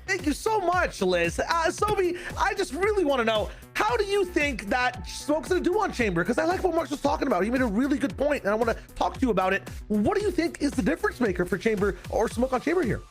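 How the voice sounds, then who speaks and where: A man doing a playful impression of his woman co-host, putting on a chirpy, bright voice while casting an esports broadcast. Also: very high-pitched, sing-song, fast talker, hardly any pauses, faint music behind, pitched above the performer's own voice, exaggerated voice. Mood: bubbly. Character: a caster mimicking his upbeat woman colleague. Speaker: esports caster.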